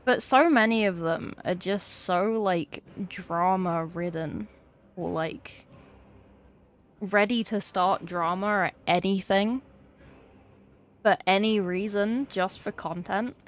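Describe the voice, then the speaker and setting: A woman's voice: mid-range voice, slow pace. An English woman chatting casually on a livestream, chatty and swearing freely with exasperated asides. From England. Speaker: streamer.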